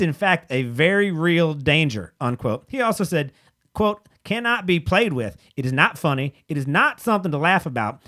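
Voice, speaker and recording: Male podcast host, slightly high voice, angry profane ranting over news reads. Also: fairly bright tone. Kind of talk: casual chat, reading news aloud.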